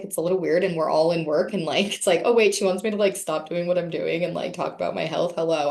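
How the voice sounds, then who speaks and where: A woman's voice: fairly low pitch, reverberant. A woman leading a casual wellness session on a video call, chatty and candid, cursing now and then.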